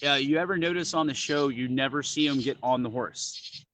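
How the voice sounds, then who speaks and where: A man chatting casually, telling animated stories full of "like" and "dude". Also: medium pitch, moderate pace, rough recording. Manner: animated storyteller, lots of "like" and "dude". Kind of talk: casual chat.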